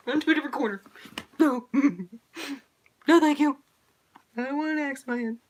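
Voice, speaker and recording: A woman's voice: high-pitched, normal speed, rough recording. A woman casually reading her own horror story aloud, giggling and breaking off to comment on it.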